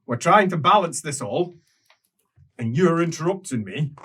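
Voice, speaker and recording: A man voicing a stressed, bald male tax official who shouts and swears. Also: fairly high pitch, animated, normal speed, husky, pitched above the performer's own voice, heavily acted. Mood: irritated.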